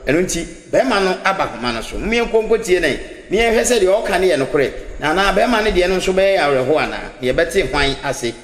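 A man's voice: high voice, big pitch swings, fast, few pauses, fairly bright tone. Ghanaian man, echoey radio host. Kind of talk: radio talk show commentary.

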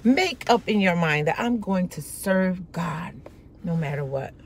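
A woman's voice: on the low side, animated, a little slow, gravelly, a little hiss or hum. A woman preaching a devotional message, fervent and prayerful, repeating her phrases for emphasis. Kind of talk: devotional exhortation.

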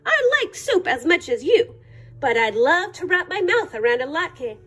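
A woman's voice: very high-pitched, big pitch swings, normal speed, fairly bright tone, full character voice. Lady reading as a bearded old papa in a kids story, big and hearty. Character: kindly bearded old village father, hearty.

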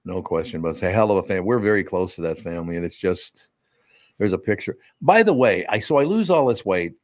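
An older man hosting a radio show, chatting casually about sports and telling animated stories with sudden loud impressions. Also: sits low, brisk, no room sound, clean studio sound. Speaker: radio host.

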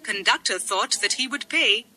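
A woman's voice: a little high, lively intonation, moderate pace, sharp tone, husky, low-quality recording. A woman reading a comic poem aloud in a sing-song recitation. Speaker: poem reader.

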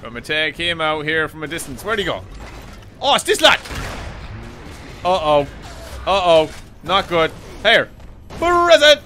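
A bright, high-voiced Irish man commentating his gameplay. He swings wildly in pitch, swears freely and yells at the enemies, though his talk between the action stays unhurried. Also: lively intonation, soft background music. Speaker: streamer.

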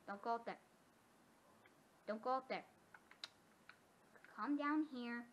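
A woman giving casual gameplay commentary, excitable and often gasping or squealing. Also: high voice, slow pace, pauses often. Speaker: gamer. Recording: dull lo-fi sound with faint noise.

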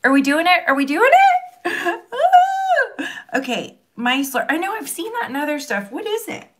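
A woman's voice: high voice, very animated, moderate pace, a bit bright. A young woman, chatting casually and laughing often as she tries makeup products. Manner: giggly, rambling, self-mocking. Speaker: beauty vlogger. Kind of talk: casual chat.

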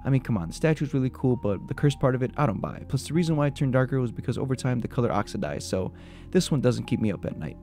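A man's voice: medium pitch, animated. A man hosting a video that retells urban legends, jumping between spooky storytelling and joking reactions. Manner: quick, mixes spooky retelling with joking asides. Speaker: video host. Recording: soft music behind the voice.

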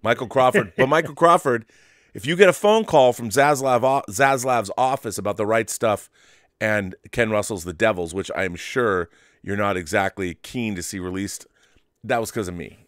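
A man co-hosting a casual chat show, telling rambling stories in an animated way and swearing freely. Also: lowish voice, moderate pace, no echo, studio quality. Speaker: co-host.

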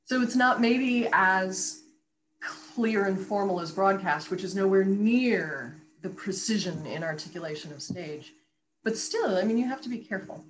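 A woman voice coach in a conversational interview, talking in an articulate, animated and explanatory way. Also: medium pitch, moderate pace, rough recording. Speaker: voice coach and radio guest.

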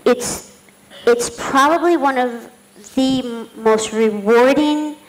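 A middle-aged woman, a jockey, telling a story on a conference panel, talking fast with frequent laughs and fillers. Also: high-pitched, poor audio. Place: conference hall.

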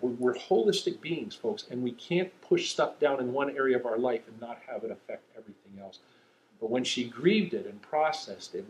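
A man's voice: mid-range voice, dull audio, a little hiss or hum. A man preaching a sermon in a conversational way, often checking in with "okay?". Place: church sanctuary. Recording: echoey room.

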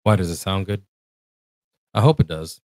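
A man's voice: low-pitched, normal speed, a little mellow, no echo. A man from Puerto Rico with a Puerto Rican accent, co-hosting a livestream, chatting and joking as he answers the chat. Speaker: co-host. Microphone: desk mic.

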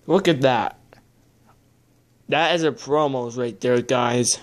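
Slow, muttering young card collector. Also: medium pitch. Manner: muttering to themself, swearing in frustration. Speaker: video host opening trading card packs. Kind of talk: casual unboxing commentary.

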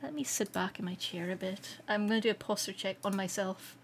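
A Scottish woman streaming live, chatting casually with viewers, excitable and quick to laugh. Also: mid-range voice, slight background noise. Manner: excitable and giggly, laughs often. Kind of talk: casual livestream chat.

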